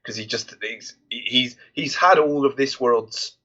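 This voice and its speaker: A man with a husky voice chats casually as a co-host on a film podcast. The recording sounds dull and lo-fi. He talks haltingly, often restarting mid-sentence as he reaches for his point. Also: medium pitch, pushed and bright. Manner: halting, many restarts while searching for words.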